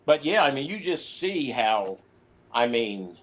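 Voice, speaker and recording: A man's voice: medium pitch, measured pace, poor audio. A man, a former prisoner, telling stories in a casual interview, quoting others as he goes. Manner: animated storyteller, quotes others in voice.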